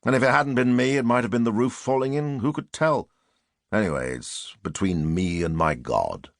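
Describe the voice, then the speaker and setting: A man voicing a self-pitying gravelly murderer. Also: medium pitch, lively intonation, normal speed, no echo, studio quality. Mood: musing. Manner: musing, self-justifying inner monologue. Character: brooding middle-aged English murderer, self-pitying.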